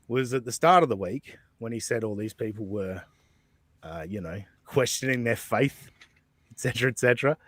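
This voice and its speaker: Recorded dry with studio quality, this male podcast host has a mid-range voice. He rambles through casual chat and message reading, cursing openly, laughing, and leaning on lots of fillers.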